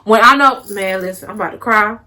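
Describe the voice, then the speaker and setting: A woman's voice: mid-range voice, sharp tone. A young woman vlogger talking to her viewers in a sassy, drawling way, repeating herself for emphasis and calling them honey and baby. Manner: emphatic repetition, slows down to stress points. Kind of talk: casual vlog monologue.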